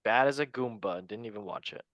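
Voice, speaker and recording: A man's voice: mid-range voice, fast, fairly bright tone, no echo, lo-fi sound. A man hosting a casual football show, jokey and loose, talking straight to his audience. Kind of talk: casual sports chat.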